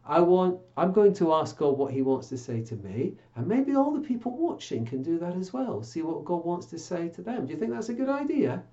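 A children's church presenter reading a Bible passage and then chatting playfully with puppets, coaxing and gently scolding them. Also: mid-range voice, sing-song, fairly quick, hardly any pauses, highs cut off.

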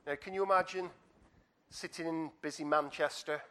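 A man preaching a sermon and telling a story with animated asides to the congregation. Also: fairly high pitch, normal speed.

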